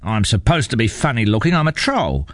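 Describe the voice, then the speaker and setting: A man's voice: sing-song, fairly quick, dry recording, clean studio sound, lightly acted. Man doing Algy, a whiny young troll. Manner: whining, high and sulky.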